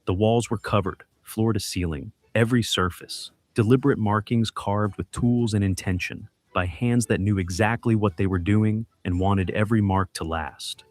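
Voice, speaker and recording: A man giving scripted dramatic mystery narration, measured and suspenseful, delivered in short clipped phrases. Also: lowish voice, darkish tone, no echo.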